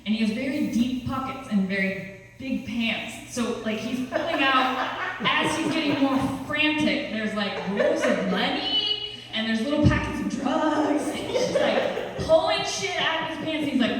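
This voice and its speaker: A young woman telling a story live on stage, animated and laughing as she acts out the other people's lines. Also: high-pitched, a little slow, crowd noise. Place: small cultural center hall with a small audience. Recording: echoey hall, distant mic, faint hiss.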